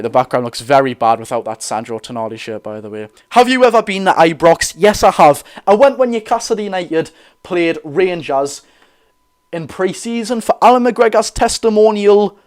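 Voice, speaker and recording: An eighteen-year-old man with a Geordie accent, chatting excitedly and rambling through a live football watch-along from a room at his dad's house. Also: a little high. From North East England. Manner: excitable, rambling, quick to apologise. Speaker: football fan streamer.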